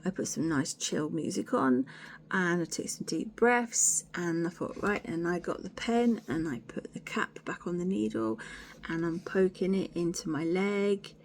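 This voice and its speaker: A woman's voice: fairly low pitch, unhurried, slight background noise. A woman, chatting candidly to camera in a rambling, sweary, self-deprecating way. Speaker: vlogger. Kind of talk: candid casual chat to camera.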